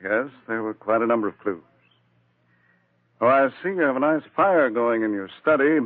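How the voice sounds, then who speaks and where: Actor as a shrewd, unflappable district attorney, 1940s radio play, phone-thin broadcast. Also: male voice, mid-range voice, expressive, moderate pace, dry recording, natural voice. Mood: calm. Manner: cool, dry and authoritative. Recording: tinny old radio broadcast.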